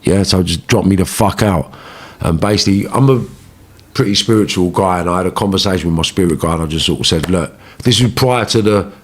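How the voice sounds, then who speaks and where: Low-voiced London man, swears freely, slangy interview storyteller who gets animated. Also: brisk. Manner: animated, rising when reliving arguments. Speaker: interviewee telling his life story. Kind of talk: casual storytelling.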